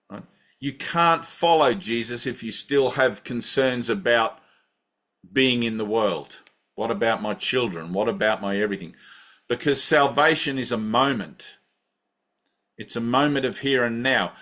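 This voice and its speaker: A man's voice: medium pitch, fairly bright tone. A man giving a conversational spiritual talk and guiding a breathing practice, often checking in with "right?". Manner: conversational, keeps asking "right?". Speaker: spiritual teacher. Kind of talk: satsang talk with guided breathing.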